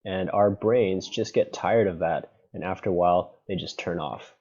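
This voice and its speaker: Low, dark-voiced lecturer asking "right?". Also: male voice, moderate pace, breathy edge. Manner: conversational, keeps asking "right?" and "okay?"; playfully sarcastic. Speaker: university lecturer. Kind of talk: lecture on presentation design. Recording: dull lo-fi lecture recording.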